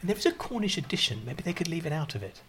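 A man's voice: fairly high pitch, big pitch swings, racing, a little hiss or hum. A man chatting casually as a podcast co-host, rambling, self-mocking and jokey. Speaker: newspaper columnist and podcast co-host. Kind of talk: casual comic chat.

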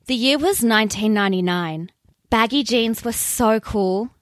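A woman's voice: fairly high pitch, moderate pace, dry recording, studio quality, natural voice. A woman playing a dramatic storyteller narrator with a put-on Southern US accent and a theatrical drawl.

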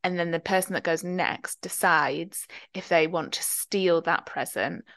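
A woman's voice: on the low side, a little slow, fairly bright tone, no room sound. A young woman co-hosting a podcast, telling wry anecdotes in casual chat. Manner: chatty, wry, storytelling. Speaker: podcast co-host.

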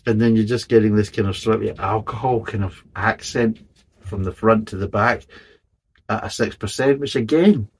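Husky, blunt, swearing beer reviewer man. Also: lowish voice, moderate pace. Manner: blunt, swears, rambling and exasperated. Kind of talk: casual spoken review.

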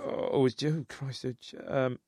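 A man's voice: mid-range voice, level tone, measured pace, darkish tone, no room sound, studio quality. A man co-hosting a casual football podcast, jumping in eagerly with comments. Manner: chatty, eager interjections. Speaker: podcast co-host.

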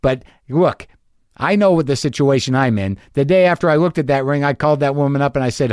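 A man's voice: medium pitch, fairly quick, a little mellow, clean tone, no room sound, clean studio sound. A middle-aged man hosting a podcast, telling a rambling, profane, self-mocking story in a casual monologue. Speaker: podcast host.

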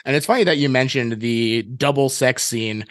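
A man's voice: medium pitch, normal speed, a bit bright, no echo, clean studio sound. A man co-hosting a casual film podcast, talking hesitantly and restarting phrases. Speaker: podcast co-host. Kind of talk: casual chat.

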